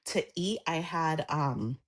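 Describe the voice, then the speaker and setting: A woman co-hosting a podcast, talking in an expressive, chatty way. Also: low voice, slow. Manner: expressive, gasps and laughs, chatty. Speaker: podcast co-host. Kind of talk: casual chat.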